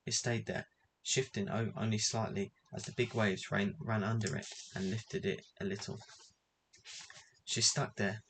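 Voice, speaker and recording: A man reading a children's adventure book aloud in an even, measured way. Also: lowish voice, slight background noise. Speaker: reader.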